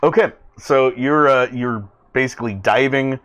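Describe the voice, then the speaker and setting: A man narrating as game master of a tabletop role-playing game, in a halting, filler-heavy way. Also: medium pitch, fairly bright tone, dull audio.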